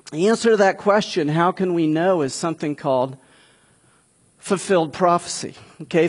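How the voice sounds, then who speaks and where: A man's voice: high voice, husky. A man preaching a sermon in a conversational way, building to emphatic peaks. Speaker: pastor.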